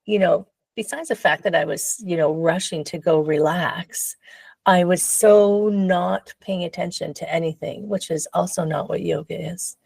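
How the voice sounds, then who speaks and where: A woman guest recounts her own experiences in an animated, chatty way, laughing often and acting out her past self. Her voice sits on the low side with a gravelly edge. The recording is dry and close, with no room sound. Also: normal speed, no echo. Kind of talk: casual storytelling in a podcast interview.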